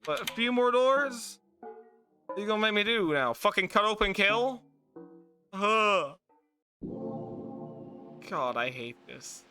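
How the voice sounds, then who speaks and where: Man, let's play commentary, exasperated, cursing a lot, slow and drawn out, game music underneath. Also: sits high, lively intonation, sharp tone. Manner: exasperated, swears often. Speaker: gaming video creator.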